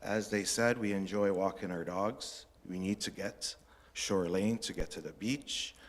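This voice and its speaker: A man's voice: deep voice, a little slow. A man addressing a town council during public comment, talking in a blunt, rambling, combative way. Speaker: resident speaking to council. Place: council chamber. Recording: long reverb of a council chamber.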